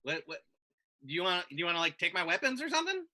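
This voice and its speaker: A man plays in a tabletop session with a high voice and a sharp, bright tone. He talks fast when he gets excited. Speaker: player. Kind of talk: casual tabletop play.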